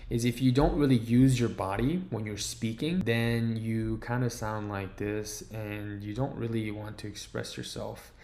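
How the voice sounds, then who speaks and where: A man with a medium-pitched, somewhat dark voice gives an informal video lesson on improving your voice. He speaks loosely, with lots of fillers and restarts, from a room at home. He's a voice coach, and the recording has a roomy echo.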